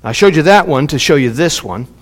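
A man delivers a sermon in a fairly high voice, driving his points home with emphatic repetition. His voice rings with the long reverb of a church hall. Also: fairly quick. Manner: animated teaching, emphatic repetitions. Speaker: pastor.

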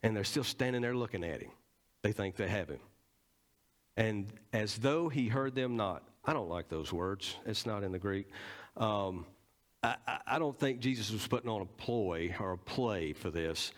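A man's voice: on the low side, animated, moderate pace. A man with a Southern American accent preaching a teaching sermon in church, stressing points and quizzing the congregation. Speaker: pastor.

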